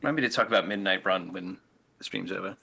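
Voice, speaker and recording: A man's voice: deep voice, fast, gravelly, pushed and bright, breathy edge. A man running a tabletop game, chatting animatedly and with enthusiasm with the players. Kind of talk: casual chat during a tabletop game.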